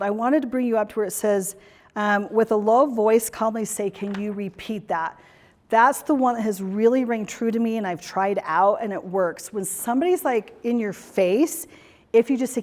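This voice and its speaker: A fairly high-voiced woman runs a workshop as a corporate trainer, encouraging her audience in a chatty way. She acts out playful little examples as she goes. Her voice carries a long hall reverb. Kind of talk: workshop presentation to a retreat audience. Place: retreat venue meeting room.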